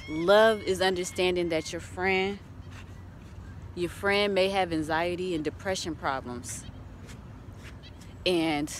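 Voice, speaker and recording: Chatty woman vlogger with light background noise. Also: lowish voice. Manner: chatty, laughs often, keeps addressing viewers as y'all. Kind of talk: casual motivational vlog.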